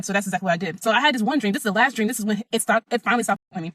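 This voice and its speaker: A woman's voice: medium pitch, racing, a bit bright, dry recording. A young adult woman telling her own story in a blunt, emphatic, profane way. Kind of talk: casual first-person storytelling.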